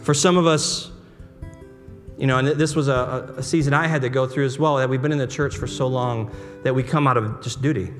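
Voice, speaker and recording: A pastor preaching a sermon in a casual, conversational way, full of restarts and rhetorical questions. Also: male voice, medium pitch, steady tone, moderate pace. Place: church sanctuary. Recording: long hall reverb with soft guitar behind. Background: soft guitar music.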